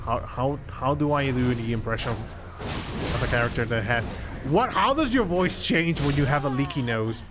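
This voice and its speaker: A man's voice: mid-range voice, lively intonation, moderate pace, over music. A man streaming a game, chatting casually with viewers in a rambling, self-conscious way. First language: Spanish. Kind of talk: casual live-stream chat.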